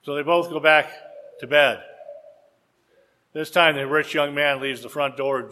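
Bright, high-voiced male preacher telling a story. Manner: animated, rhetorical questions, dramatic pauses. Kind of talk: sermon storytelling.

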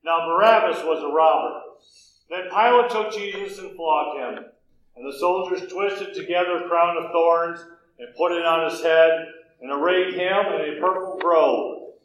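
A man narrating scripture in a steady, solemn, measured reading. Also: a little high, dull audio. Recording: very echoey room, faint noise.

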